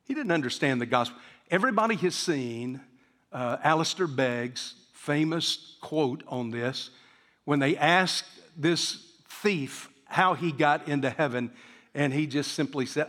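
Man, preacher, sermon, slightly high voice, acts out quotes, long church reverb. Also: lively intonation, a little slow, a bit bright. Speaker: pastor. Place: church sanctuary.

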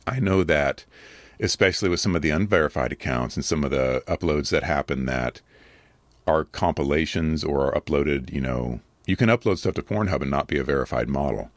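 A man with a very deep, slightly rough voice, earnest and measured, answering viewer comments in casual commentary. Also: dry recording. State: a little rough from allergies. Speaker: adult video creator answering comments.

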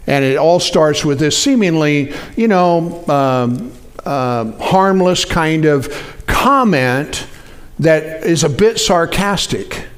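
A man preaching a sermon in a conversational way, often asking the congregation to respond. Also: takes it slowly. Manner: animated, jumps up in pitch for acted-out quotes. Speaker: pastor.

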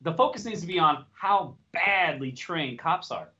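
High, bright-voiced man ranting casually. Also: expressive, normal speed. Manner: profane, heated storytelling. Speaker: podcast co-host. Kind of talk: casual chat. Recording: dull lo-fi podcast audio.

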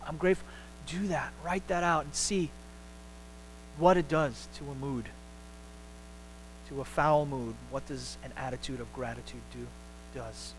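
A man preaching a sermon as a pastor in a church, talking in an animated way with many repeated words and restarts, climbing up for his emphatic points. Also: mid-range voice, slight background noise, low-quality recording. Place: church sanctuary.

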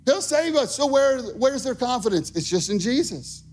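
Male pastor with a higher voice: energetic, emphatic sermon delivery, conversational asides. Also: moderate pace. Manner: energetic, emphatic, repeats phrases for punch.

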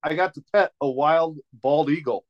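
A man's voice: fairly high pitch, moderate pace, dull audio. A man from Montana, a comedian guest, telling stories in casual chat and laughing often. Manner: animated storytelling, laughs often. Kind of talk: casual storytelling.

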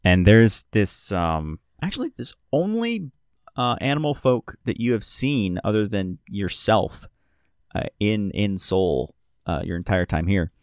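A man's voice: fairly low pitch, big pitch swings, unhurried, no room sound, clean studio sound. A man narrating as game master of a tabletop game, loose and rambling with many restarts.

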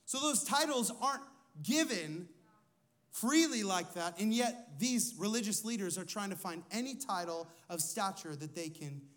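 A man's voice: sits high, expressive, normal speed, fairly bright tone. A man who is a lead pastor, preaching a sermon in a conversational way, asking his listeners questions and telling personal stories.

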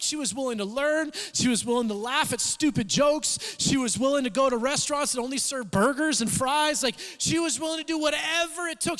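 A man preaching a sermon, telling stories with acted-out quotes in an animated, conversational way. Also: very high-pitched. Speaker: pastor. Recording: reverberant church hall.

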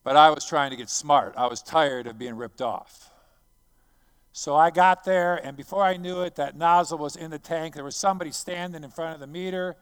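A man who is a missionary preacher, telling a personal story as a sermon. He talks dramatically, swinging from hushed to loud. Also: on the high side, steady tone, normal speed, clean tone.

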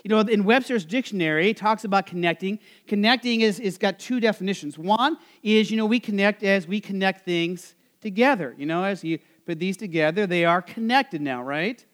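A pastor from Nebraska delivers a relaxed, conversational sermon. He has a notably high voice for a man, leans on fillers and keeps asking the congregation questions as he talks. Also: moderate pace, hardly any pauses. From Nebraska, USA. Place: church service.

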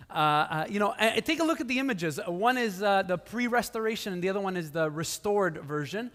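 Preaching a casual sermon in a church sanctuary, this man speaks a little fast and expressively in a high, fairly bright voice, leaving few pauses. He talks conversationally, with many fillers and restarts, and the live hall adds long reverb.

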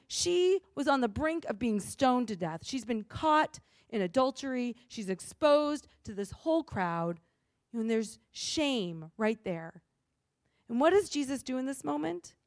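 A woman pastor preaching a sermon in an earnest, emphatic way with pauses. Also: a little high, darkish tone, no echo, studio quality.

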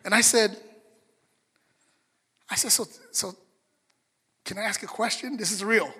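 A male pastor preaching a sermon, telling a story with lively, acted-out quotes. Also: high voice, a little slow, slightly rough. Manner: animated storyteller, acts out quotes. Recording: long reverb of a large hall, soft music behind.

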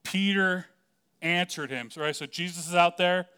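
Male preacher, slightly high and very clear voice, chatty and playful delivery. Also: normal speed, pushed and bright. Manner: casual and joking, many "like" fillers. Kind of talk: conversational sermon.

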